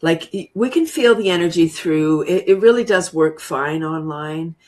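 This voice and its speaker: A woman appears as an interview guest over a video call to teach laughter yoga, bubbly and laughing often as she coaches viewers through a guided laughter exercise demo. Her voice is deep, a little mellow, and at normal speed.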